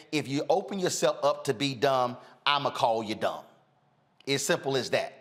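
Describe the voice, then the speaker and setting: Casting: outspoken male host, combative rants, mid pitch. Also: moderate pace. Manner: blunt, combative, animated rants with filler "uh". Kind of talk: outspoken talk show commentary.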